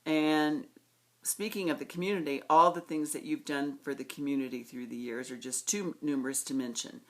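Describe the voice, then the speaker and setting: Low-voiced middle-aged woman reminiscing fondly. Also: fairly even intonation. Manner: fond, reminiscing, slow with pauses. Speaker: niece giving a birthday tribute. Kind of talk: personal recorded birthday message.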